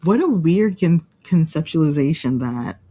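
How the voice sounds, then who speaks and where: A woman's voice: sits low, lively intonation, unhurried, dark tone, husky. A woman co-hosting a podcast in a casual, teasing chat. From United States. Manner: laughs often, teasing. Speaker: podcast co-host.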